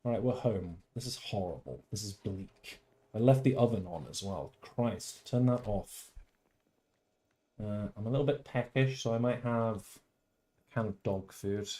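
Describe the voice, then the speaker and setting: A man hosting a casual game livestream, talking theatrically and swinging from loud outbursts to mock-tender murmurs. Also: fairly low pitch, a little slow. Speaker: livestream host. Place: at home.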